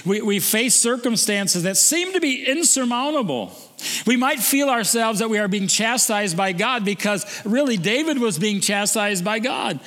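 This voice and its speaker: A man with a high voice preaches a sermon, earnest and stumbling over his opening words before pushing on. His voice lifts higher when he presses a point. It rings out with a long reverb, as in a big church. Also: animated, normal speed, fairly bright tone. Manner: earnest, repeats words when starting phrases, rises in pitch when stressing a point. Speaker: pastor. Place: church service.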